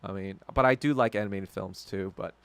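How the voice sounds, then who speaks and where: A man hosting a solo podcast, ranting heatedly and with heavy profanity, swinging from low muttering to loud outbursts. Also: fairly quick, smooth, dry recording. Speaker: podcast host.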